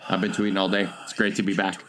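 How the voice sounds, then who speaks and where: A man's voice: sits low, flat delivery, fast, fairly bright tone. A man co-hosting a podcast in casual banter, wry and laid-back, laughing often. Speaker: podcast co-host.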